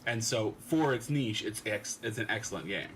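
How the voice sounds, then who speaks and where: A man's voice: lowish voice, moderate pace, a little hiss or hum. A man chatting on a gaming stream, reading chat messages aloud and explaining things in detail.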